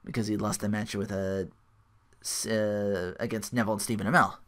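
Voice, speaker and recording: A man's voice: on the low side, flat delivery, moderate pace, a bit bright. A man hosting a podcast, casually recapping a show in a rambling way, full of restarts and asides. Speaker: podcast host.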